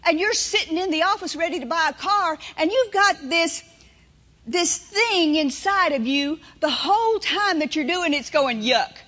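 A woman preaches in a very high, bright voice. She tells homespun stories and acts out inner voices as she makes her points. The recording is dull and lo-fi. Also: lively intonation, moderate pace. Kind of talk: sermon.

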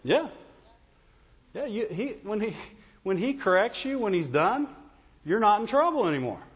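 Man, pastor, sermon, lively swooping pitch, fairly high voice, long hall echo, dull sound. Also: moderate pace, breathy edge. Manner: conversational, repeats "Amen?" and "Right?".

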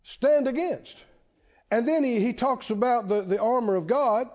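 A man's voice: very high voice, normal speed, darkish tone. A man preaching a sermon to a congregation, emphatic and repetitive, often asking the listeners questions. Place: church. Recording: dull, lo-fi church hall reverb.

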